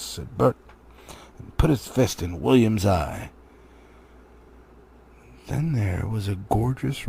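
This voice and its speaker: A man reading a children's book aloud as a hobby, with lively, animated storytelling. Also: medium pitch, gravelly, breathy edge. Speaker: hobby reader. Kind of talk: audiobook narration.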